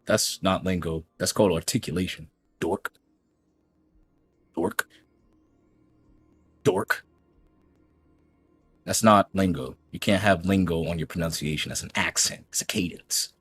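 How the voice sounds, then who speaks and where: A man's voice: low voice, brisk, hardly any pauses, a bit bright, slightly rough, no echo, soft background music. A man ranting on his gaming channel in a mocking, combative way as he reacts to a critic's clip. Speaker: YouTube gaming commentator. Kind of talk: reaction rant.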